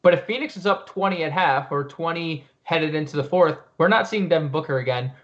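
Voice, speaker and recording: A man talking fantasy basketball picks in a casual live-stream chat, filling pauses with ums and you-knows. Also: fairly high pitch, fairly bright tone, dull audio. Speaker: fantasy sports analyst.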